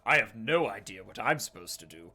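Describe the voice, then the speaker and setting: A man voicing a hearty nobleman who talks loudly and boisterously. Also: high-pitched, huge pitch swings, normal speed, creaky, pitched above the performer's own voice, full character voice. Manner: loud and boisterous.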